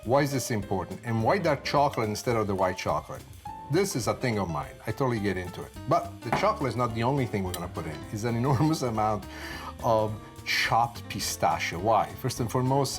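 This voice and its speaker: A man in his sixties with an Italian accent, demonstrating a dessert recipe in a chatty way and explaining each step with his own asides. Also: lowish voice. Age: 60s. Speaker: cooking instructor. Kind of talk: cooking demonstration. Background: music.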